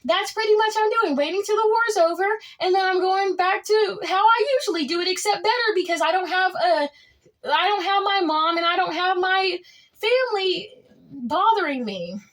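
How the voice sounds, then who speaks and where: A woman's voice: very high voice, moderate pace, fairly bright tone. A woman telling a storytime vlog in a casual, outspoken way, swinging her voice up and down dramatically. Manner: outspoken and boastful. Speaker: vlogger.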